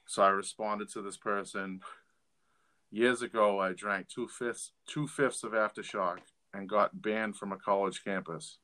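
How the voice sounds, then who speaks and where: A middle-aged man with a very low voice and a bright, forceful edge to it. He tells frank stories in a loose, blunt podcast style, stumbling and restarting as he goes. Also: fairly even intonation, a little slow. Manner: candid, blunt storytelling with fillers and restarts. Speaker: podcast co-host. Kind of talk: casual podcast storytelling.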